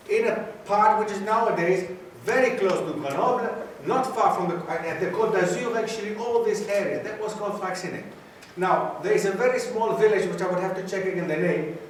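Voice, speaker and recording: A man's voice: sits high, distant mic, a little hiss or hum. A man from Greece giving a lecture to students, quizzing the audience and repeating key phrases. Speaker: guest lecturer. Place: university lecture room. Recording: very echoey hall, taped from afar.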